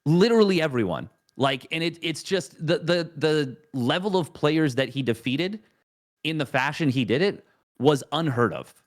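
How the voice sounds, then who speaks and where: A man's voice: a little high, animated, moderate pace. A man in a casual esports chat, ranting heatedly and swearing freely.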